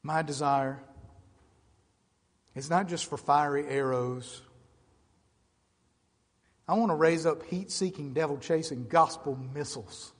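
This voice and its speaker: A middle-aged male pastor preaching with passion, easing down into quiet, measured stretches and then swelling into loud, emphatic appeals. His voice sits a touch high for a man. It carries a long reverb through a large church sanctuary. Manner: impassioned, building from quiet to loud emphatic calls. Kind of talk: sermon.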